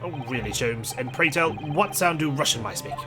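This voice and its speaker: A man's voice: a little high, lively intonation, moderate pace, natural voice. A man voicing a polite, exasperated young male law student with dry, weary replies, over game music. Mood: wry.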